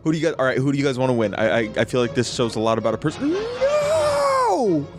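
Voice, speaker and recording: A man's voice: medium pitch, rapid-fire, over loud music. A man hosting a casual movie reaction, joking and laughing, recorded close to a studio mic. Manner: animated, joking, lots of laughs. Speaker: reaction video host.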